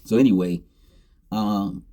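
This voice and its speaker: A man's voice: on the low side, takes it slowly, dark tone. A middle-aged man casually telling a story from his younger days, laid-back and slangy, laughing often. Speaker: storyteller host.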